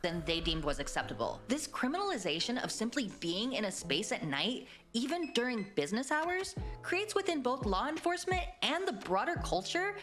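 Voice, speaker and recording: A woman reading a scripted video-essay narration in a measured, explanatory way. Her pitch moves freely up and down as she explains. Soft music plays faintly under her voice. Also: sing-song.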